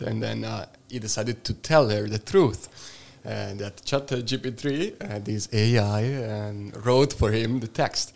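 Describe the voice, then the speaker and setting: A man's voice: on the low side, measured pace, vocal fry. A man co-hosting a podcast, telling a casual anecdote with frequent laughter. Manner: chatty storyteller, laughs often. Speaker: podcast co-host.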